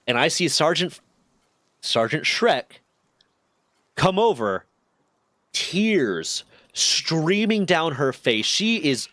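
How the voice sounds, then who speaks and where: A man streaming, telling a long story in a casual, animated and profane way. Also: takes it slowly, long pauses, no echo. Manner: profane, animated, shifts pitch a lot.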